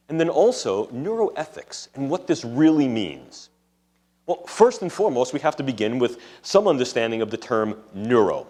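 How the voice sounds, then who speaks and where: A man's voice: medium pitch, darkish tone. A man with a New York City accent giving a public lecture to an audience, speaking in a discursive, academic way with technical jargon. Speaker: guest lecturer. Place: lecture room before an audience.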